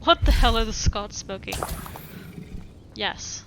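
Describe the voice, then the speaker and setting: A woman streams a game and chats in an unhurried, easygoing way, laughing now and then. Her voice sits a little high and her pace is slow. Clear background noise runs under her. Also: animated. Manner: laid-back, laughs often. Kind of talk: casual gameplay commentary.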